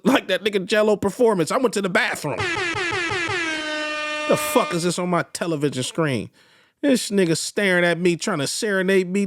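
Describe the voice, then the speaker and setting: A young Bay Area man hosting a podcast, delivering a loud, profane comedic rant. His voice sits high and swings wildly, leaping into yelps and sinking into gruff low asides. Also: dry recording. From East Oakland, California. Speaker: podcast host.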